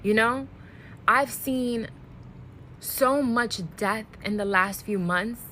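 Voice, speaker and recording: A woman speaking earnestly and deliberately to camera, emotionally worn out. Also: on the high side, a bit bright, slight background noise, low-quality recording. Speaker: social media creator. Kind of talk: direct-to-camera commentary video.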